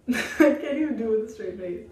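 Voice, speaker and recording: A young woman telling a childhood story in a casual storytime vlog, dramatic and animated, saying "like" constantly. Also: fairly high pitch, normal speed, a little hiss or hum. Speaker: vlogger. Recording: roomy, mic at a distance.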